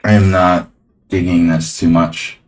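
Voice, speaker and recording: A man's voice: low voice, flat delivery, unhurried. A man casually commenting on his own chess game on a live stream, rambling and talking to his chat.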